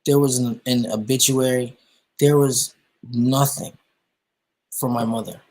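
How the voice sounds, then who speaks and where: A young man, a musician guest, telling his personal story with emotion, halting and full of restarts and fillers. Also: medium pitch, fairly even intonation, darkish tone, low-quality recording.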